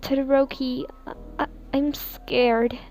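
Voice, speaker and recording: A woman doing a squeaky, flustered schoolgirl. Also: moderate pace, faint music behind, close to an everyday voice. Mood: scared. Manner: squeaky and excited. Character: cheerful, flustered teenage schoolgirl. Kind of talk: fan fiction reading.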